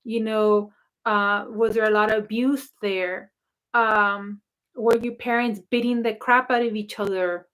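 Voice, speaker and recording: A woman's voice: medium pitch, fairly even intonation, a little slow, a bit bright. A woman who works as a spiritual coach, talking casually and rambling with many fillers and restarts as she answers viewer questions. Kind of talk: casual talk to camera.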